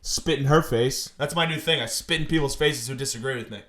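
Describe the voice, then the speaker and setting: A man's voice: mid-range voice, fairly quick, a bit bright. A man in his twenties hosting a comedy podcast, delivering an exaggerated, mock-indignant rant. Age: 20s.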